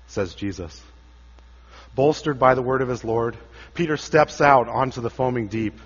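A man preaching a sermon, dramatic, rising loud for quoted cries and dropping low and quiet for solemn lines. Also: normal speed, breathy edge. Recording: dull sound with long church reverb.

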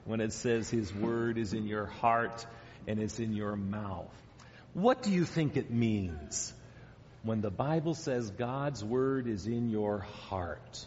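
A man giving a children's sermon as pastor, gently asking the children questions and coaxing answers. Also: fairly low pitch, lively intonation, slow pace, a little hiss or hum. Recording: dull sound in a long-echo church hall.

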